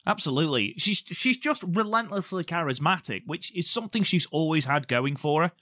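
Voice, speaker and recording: A man's voice: on the high side, animated, brisk, sharp tone, dry recording, clean studio sound. A man co-hosting a podcast, chatting casually and enthusiastically with frequent fillers. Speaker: podcast co-host.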